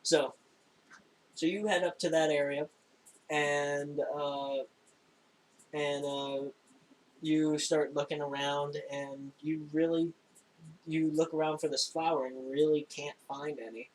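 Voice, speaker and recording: A young man narrating a tabletop game as game master, in a casual, halting way with frequent laughs. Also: on the high side, level tone, low-quality recording. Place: home room, recorded for a stream.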